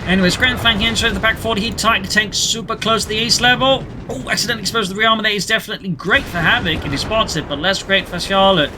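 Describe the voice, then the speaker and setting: A man's voice: sits high, quick pace, hardly any pauses. A man commenting a strategy game replay play by play, adding history asides. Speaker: game caster. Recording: game sounds and engine noise behind the voice. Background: in-game battle sounds and vehicles.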